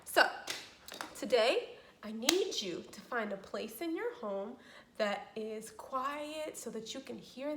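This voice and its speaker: Slow, animated woman teaching speech sounds. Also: on the high side, echoey room, a little hiss or hum. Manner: slow, exaggerated, encouraging teacher talk. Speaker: speech therapist. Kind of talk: children's speech lesson.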